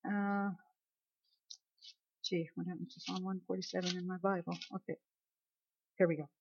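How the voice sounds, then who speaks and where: A woman's voice: on the low side, little pitch movement, moderate pace, dull audio, a little hiss or hum. A woman preaching a sermon in a conversational way, acting out pleading and complaining voices as she tells the story. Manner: conversational preaching, rising into acted pleas and complaints.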